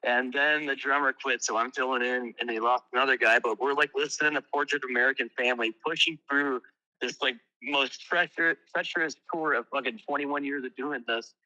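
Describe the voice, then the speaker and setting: Bright-voiced male musician telling tour stories. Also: medium pitch, a little fast, low-quality recording. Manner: animated, swears freely, tells stories with lots of "like". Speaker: guest musician. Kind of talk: casual interview storytelling.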